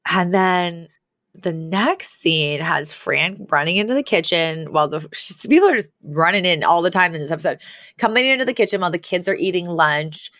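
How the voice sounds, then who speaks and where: Chatty woman, low voice, dry sound. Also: expressive, moderate pace, a bit bright, dry recording. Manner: chatty, many "like" fillers, laughs often. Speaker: podcast co-host. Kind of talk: casual chat recapping a sitcom.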